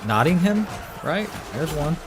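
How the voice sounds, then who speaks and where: An American gaming streamer rambles easily with his live viewers, filling his chat with fillers. His voice is on the high side and a little slow, with music and steady background noise underneath.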